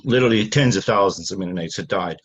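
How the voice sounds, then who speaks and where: An older man from Canada, an author speaking haltingly with many fillers, then reading from his novel. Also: low-pitched, poor audio.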